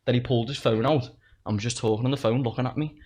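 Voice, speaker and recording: A man's voice: medium pitch, fairly even intonation, racing, darkish tone, breathy edge. A young man, telling stories in casual chat, swearing and laughing along with himself. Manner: swearing, laughing through his own stories. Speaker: podcast guest.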